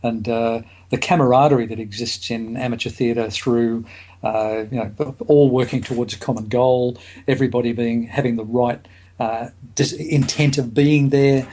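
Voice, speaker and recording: A man's voice: medium pitch, mellow. Hesitant man talking as a podcast guest. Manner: hesitant, full of "uh" fillers and restarts. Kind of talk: podcast interview.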